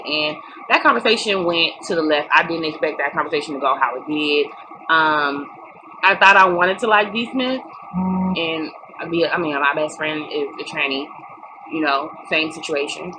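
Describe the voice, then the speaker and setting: Brief: young woman, lower-pitched, blunt and cussing vlogger, recording with steady noise behind. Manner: blunt, profane, emphatic. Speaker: reality TV recap vlogger. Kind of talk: casual opinionated recap. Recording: noticeable background noise.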